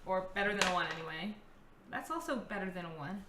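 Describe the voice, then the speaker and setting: A woman playing a tabletop game, excitable and giggly as she thinks aloud. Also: medium pitch, fast, background noise. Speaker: player. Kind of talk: casual tabletop game play. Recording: roomy echo.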